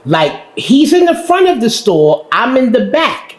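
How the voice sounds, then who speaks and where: Lively high-voiced woman telling a story. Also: a little slow, reverberant. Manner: laughing, shouting bursts while telling a story. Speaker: podcast guest. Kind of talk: animated storytelling.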